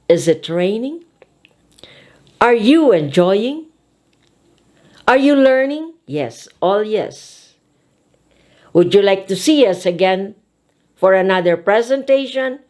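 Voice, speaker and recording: Woman, speech coach lecturing; very slow, animated pitch, emphatic delivery. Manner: slow, emphatic, demonstrating intonation. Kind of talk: teaching lecture.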